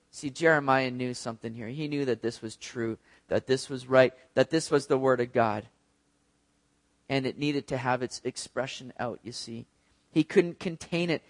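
A man's voice: medium pitch, moderate pace. A man preaching a sermon in a casual, conversational way, with frequent fillers and restarts, speaking directly to the congregation.

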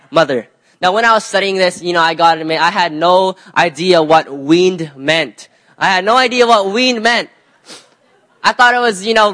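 A young man preaching a sermon in a conversational way, often pausing on fillers and restarting his sentences. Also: high-pitched, fairly bright tone. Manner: conversational, many "you know" fillers and restarts.

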